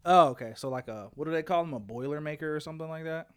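A man's voice: a little high, very fast, clear, resonant tone. A young man co-hosting a podcast in casual joking chat, teasing his friend and laughing often. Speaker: podcast co-host.

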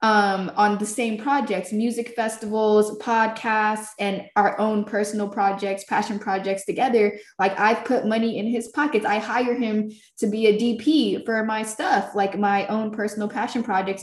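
A woman's voice: mid-range voice, fairly even intonation, normal speed, hardly any pauses. A woman telling a story in loose, profane casual talk, laughing along the way. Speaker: filmmaker and podcast creator. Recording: roomy echo.

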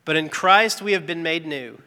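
A man's voice: fairly high pitch, moderate pace, pushed and bright, smooth. Earnest man testifying in an echoey hall. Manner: earnest, candid storytelling. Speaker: speaker giving a personal testimony. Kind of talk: devotional testimony talk. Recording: long reverb, echoey hall.

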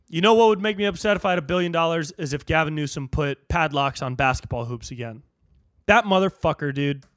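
A young man hosting a solo podcast, ranting in a profane, animated way and jumping into squeaky high voices for jokes. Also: dry recording, studio quality. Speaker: podcast host.

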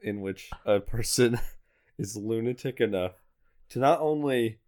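A man's voice: mid-range voice, a little slow, a little mellow. A young man co-hosting a podcast, rambling through dry jokes in casual banter. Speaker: podcast co-host. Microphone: headphones and desk mic.

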